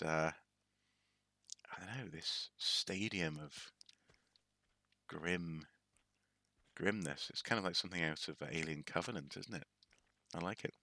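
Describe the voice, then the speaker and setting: A streamer with a low, sharp voice casually comments on a game while playing it. He rambles, using many fillers and restarting often, and there is no room sound.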